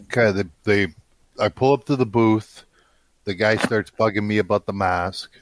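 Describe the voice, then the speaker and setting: Low-voiced man with a blunt, angry telling. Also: normal speed, a little hiss or hum. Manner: angry, swears constantly, blunt. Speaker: guest telling a story. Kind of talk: casual profane storytelling.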